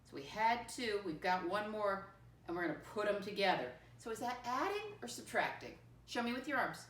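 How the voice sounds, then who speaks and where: A woman's voice: mid-range voice, sing-song, a bit bright. Patient woman teaching first graders. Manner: patient call-and-response teaching, slowly spelling out words letter by letter; keeps addressing children as "my friends". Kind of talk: classroom math lesson for young children. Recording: echoey room, voice from a distance.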